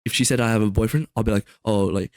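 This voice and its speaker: With a fairly low voice that races along, this young man co-hosts a podcast and chats loosely, full of fillers and restarted sentences. The audio is dry, with little room reverb.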